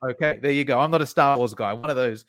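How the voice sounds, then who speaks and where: A man, a fitness educator and podcast guest, telling stories in casual chat and acting out the people in them with lively swings. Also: mid-range voice, fast talker. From Australia. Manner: animated, acts out quoted people in his stories. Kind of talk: casual storytelling interview.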